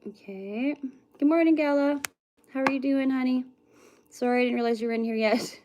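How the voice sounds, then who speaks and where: A woman's voice: sits high, a little fast, warm tone, slight background noise. A woman who is a psychic medium, chatting casually with livestream viewers. She greets them by name and hums and mutters to herself between readings.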